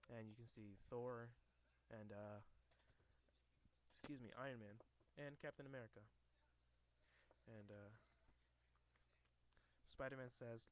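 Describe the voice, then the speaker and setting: A man's voice: medium pitch, steady tone, measured pace, long pauses, a little hiss or hum. A man casually reading a comic book aloud to a camera, hesitant with many fillers and restarts.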